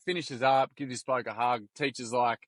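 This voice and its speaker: A man's voice: medium pitch, normal speed, dry recording. An Australian man who founded a youth workshop group, telling stories in casual chat, slangy and acting out quotes. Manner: animated, slangy, acts out quotes.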